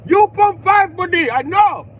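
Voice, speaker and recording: Insistent know-it-all cashier with an Indian accent, as a man puts him on, pitched up high, with vehicle noise behind. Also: expressive, a little slow, a bit bright, heavily acted. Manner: insistent, repeats "buddy". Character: brisk, know-it-all male gas station cashier.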